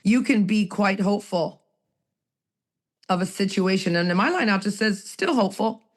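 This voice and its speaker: A woman's voice: mid-range voice, normal speed. Woman, from Canada, recovery roundtable sharing, raw and emotional, rambling. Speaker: recovery group participant.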